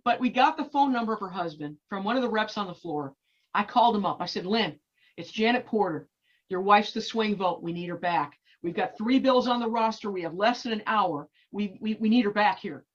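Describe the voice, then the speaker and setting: A middle-aged woman telling a story in an interview, animated, with many repeated restarts. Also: medium pitch, a little fast. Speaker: activist guest. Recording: dull lo-fi recording.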